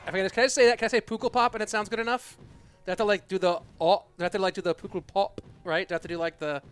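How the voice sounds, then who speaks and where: High-voiced rambling esports caster. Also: male voice, racing. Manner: rambling, self-deprecating, reads chat aloud; bursts into loud excited play-by-play. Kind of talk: casual live-stream commentary and chat reading.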